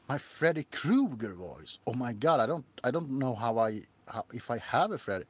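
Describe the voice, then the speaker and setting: On a casual livestream, an ASMR creator with a husky, mid-range male voice rambles and laughs about shows and his ASMR characters. His delivery is slow and halting.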